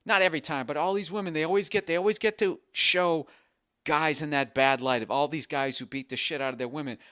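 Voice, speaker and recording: A man spins a comic story in a loose, rambling way, swearing freely and poking fun at himself. His voice is smooth and clear. The sound is dry and close to the mic. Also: a little high, steady tone, brisk, sharp tone, no room sound. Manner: rambling, profane, self-mocking. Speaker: podcast host. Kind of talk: casual comedic storytelling.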